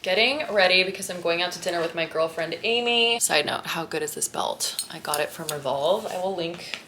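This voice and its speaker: A woman's voice: fairly low pitch, fairly quick. A woman vlogger in casual chat, chatty and giggly, correcting herself as she goes. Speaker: lifestyle vlogger. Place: apartment. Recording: echoey room, faint noise.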